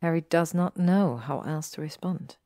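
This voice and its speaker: A woman narrating an audiobook story in a measured, even way. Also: deep voice, dry recording, studio quality. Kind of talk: audiobook reading of fan fiction.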